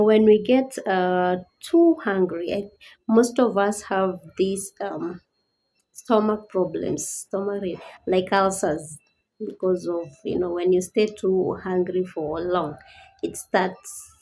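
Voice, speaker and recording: A woman speaks as a disability advocate in a personal awareness talk, earnest and pleading at first, then rising into indignant questions. Her voice is fairly low, steady, slow, and mellow, on a rough recording.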